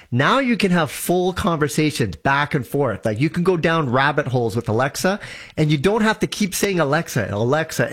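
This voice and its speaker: A man explaining tech in an eager, casual way, often restarting his sentences. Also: on the high side. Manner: enthusiastic, restarts a lot. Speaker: tech guest on a show.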